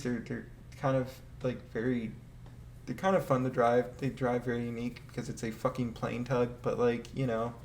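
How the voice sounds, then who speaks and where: Here a man's mid-range, somewhat mellow voice rambles hesitantly through a casual ranking of vehicles from a game. Frequent laughter and occasional swearing break up his talk, recorded in an echoey room with a faint ambient hum.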